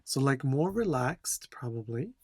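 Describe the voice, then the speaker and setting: A man's voice: mid-range voice, lively intonation, a little slow, no echo, studio quality. A man instructor working through test answers, repeating key words and reading the dialogue lines aloud. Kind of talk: tutorial explanation.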